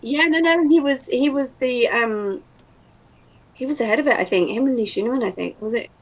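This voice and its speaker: A woman's voice: fairly high pitch, a little fast, lo-fi sound. An English woman in casual chat, talkative and laughing often, now and then swearing. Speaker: voice actor guest.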